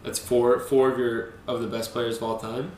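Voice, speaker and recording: A man's voice: medium pitch, little pitch movement, moderate pace, a little mellow. A man in his twenties co-hosting a podcast in casual chat, joking and playfully boastful. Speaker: podcast co-host. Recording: echoey room, faint background noise.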